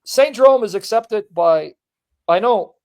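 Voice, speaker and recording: A man hosts a casual online religious debate stream, reading long quotes aloud and pushing his guests with emphatic questions. His voice sits high and sounds animated yet measured in pace. The tone is darkish, clear and resonant.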